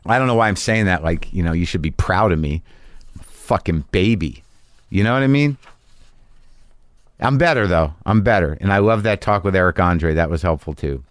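A man's voice: deep voice, expressive, fast, few pauses, clear, resonant tone, dry recording, studio quality. A middle-aged man hosting a podcast, telling a rambling, profane, self-mocking story in a casual monologue. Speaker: podcast host.

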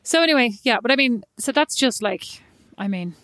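A middle-aged woman co-hosting a casual chat, telling animated stories and teasing her friend. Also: fairly high pitch, brisk, dry recording, studio quality. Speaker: podcast co-host.

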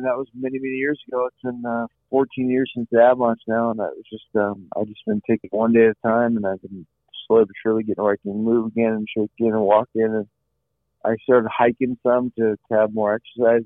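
A man's voice: mid-range voice, little pitch movement, quick pace, no echo. Earnest man on a tinny phone line. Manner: earnest, repeats phrases, often says "you know". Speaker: guest. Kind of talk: earnest personal storytelling.

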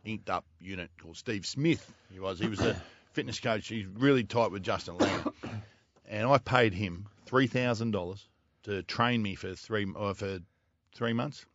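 A man's voice: on the low side, normal speed, fairly bright tone, dry recording. A middle-aged Australian man, a former footballer, telling a story in casual podcast chat, blunt and swearing. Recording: dull lo-fi dry sound.

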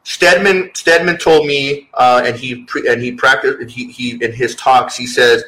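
A man's voice: medium pitch, steady tone, measured pace, hardly any pauses, a bit bright, low-quality recording. A man talking as a guest author in a casual interview, earnest and rambling, with many restarts.

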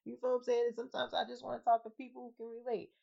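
A woman co-hosting a podcast in casual, slangy banter, loud and laughing as she swears and jokes. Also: fairly high pitch, completely flat delivery, racing, gravelly. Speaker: podcast co-host. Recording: slightly dull lo-fi podcast audio.

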